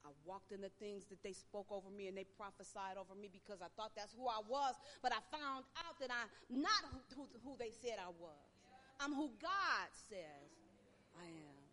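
A woman's voice: mid-range voice, expressive, normal speed, bright, forceful tone, in a large hall. A woman preacher delivering an impassioned sermon and calling on the congregation to answer back. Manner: impassioned preaching with call-and-response.

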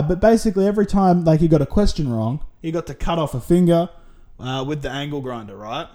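With a fairly high, mellow voice and lively intonation, an Australian podcast host talks a little fast on his own show. His monologue is casual, full of swearing, and wanders off on tangents.

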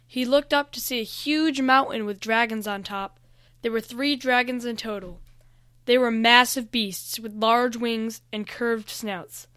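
A woman reads a fantasy story aloud in a bright, smooth voice that sits a little high. The delivery is steady and even. The recording is close and dry. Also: unhurried, no room sound. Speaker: reader.

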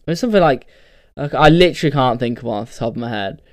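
A man's voice: medium pitch, expressive, fast, no echo, clean studio sound. A man hosting a casual solo podcast, rambling and sweary, ranting in bursts. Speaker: podcast host.

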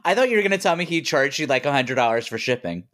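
A man's voice: mid-range voice, expressive, quick pace, fairly bright tone. Dry, teasing man on a podcast. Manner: dry, teasing, sarcastic reactions. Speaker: podcast co-host. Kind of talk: casual chat.

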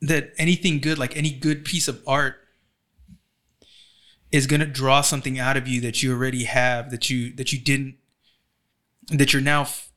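A man in casual podcast conversation, animated, swearing freely and often acting out other people's voices. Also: mid-range voice, moderate pace, pauses often. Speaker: podcast co-host. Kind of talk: casual chat.

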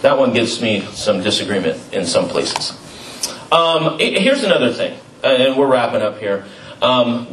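A man's voice: medium pitch, a bit bright. A middle-aged man preaching a sermon as pastor, in a conversational, storytelling way with asides and fillers. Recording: roomy, distant mic with faint ambience.

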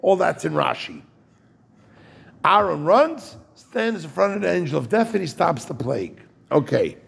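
A man's voice: on the high side, big pitch swings, moderate pace, vocal fry, a bit bright, husky. A man giving an informal Torah talk as a rabbi, jokey and digressive, and turning to ask his listeners questions.

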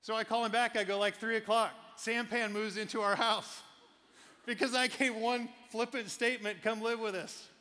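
A man preaching a sermon, telling animated personal stories and laughing often. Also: sits high, moderate pace, in a large hall. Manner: animated storyteller, laughs often, quotes people. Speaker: pastor.

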